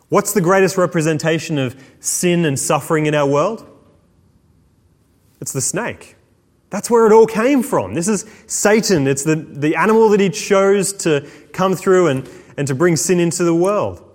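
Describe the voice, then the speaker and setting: A man preaching a sermon, swinging between slow, hushed emphasis and quick asides. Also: a little high. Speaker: pastor. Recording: long hall reverb.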